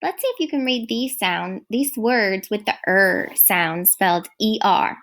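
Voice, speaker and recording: A woman teaching a recorded first grade phonics lesson, speaking clearly and praising often. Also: mid-range voice, lively intonation, a bit bright. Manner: slow, clear, encouraging teacher talk.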